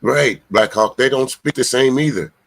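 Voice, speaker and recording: A man talks back at a clip in a casual reaction commentary. He is blunt and emphatic, swears freely, and keeps stumbling over drawn-out filler sounds between points. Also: mid-range voice, vocal fry. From Charleston, South Carolina.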